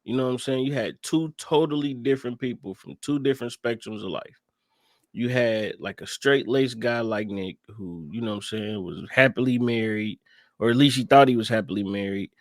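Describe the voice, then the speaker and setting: Clean studio sound with no room tone captures this man, medium-pitched and speaking at normal speed, as he co-hosts a laid-back movie podcast. He's emphatic and profane, constantly tossing in "you know what I'm saying."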